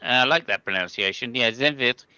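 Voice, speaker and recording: A male podcast host chatting in a joking, rambling way. His voice is very bright and forceful, crisp and smooth, and a slightly higher pitch than most men. The recording is dry and a little dull. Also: moderate pace, no room sound. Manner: joking, rambling, playful stutters. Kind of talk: casual comedic race commentary chat.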